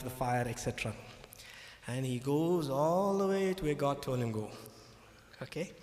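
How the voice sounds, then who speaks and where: Emphatic male preacher in an echoey hall. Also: a little high. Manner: emphatic, repetitive, checks in with "okay?". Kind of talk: sermon.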